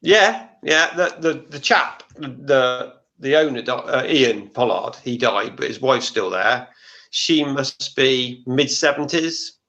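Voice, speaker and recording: A man's voice: medium pitch, expressive, takes it slowly, pushed and bright. A man who is a gardening regular on a chat show, talking in a dry, matter-of-fact way. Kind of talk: casual chat.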